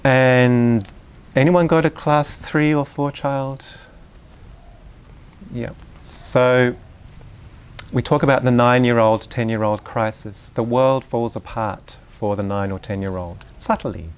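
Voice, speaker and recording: A man's voice: medium pitch, steady tone, slow, clear, resonant tone. A man giving an informal talk to an audience of parents, explaining ideas through examples and asides to the listeners. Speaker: speaker on Waldorf education.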